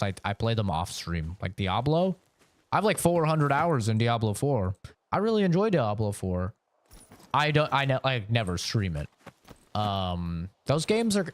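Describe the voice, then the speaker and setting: A Canadian man in his twenties streaming a game, chatting casually and rambling as he answers his viewers. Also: mid-range voice. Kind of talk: casual live-stream chat.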